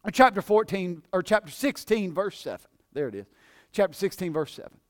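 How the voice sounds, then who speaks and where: A man preaching a sermon in a church service, swinging from shouted fervor to low, conversational teaching. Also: expressive, a little fast.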